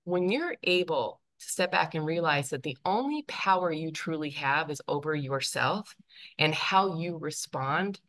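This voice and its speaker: Low, bright-voiced emphatic woman presenter. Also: expressive, a little slow. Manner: emphatic, repeats key points, checks in with the audience. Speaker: workshop presenter, teaching professor. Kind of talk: live workshop talk.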